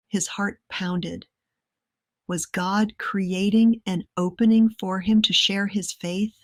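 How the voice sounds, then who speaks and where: A woman narrates her own novel in a calm, measured reading voice of medium pitch. The recording is dry and close, with no room sound at all. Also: no room sound. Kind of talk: scripted audiobook narration.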